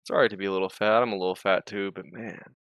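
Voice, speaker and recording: A man's voice: sits low, fairly even intonation, quick pace, a bit bright, clean tone, no echo, clean studio sound. A man streaming and chatting casually, rambling, interrupting himself, swearing and laughing often.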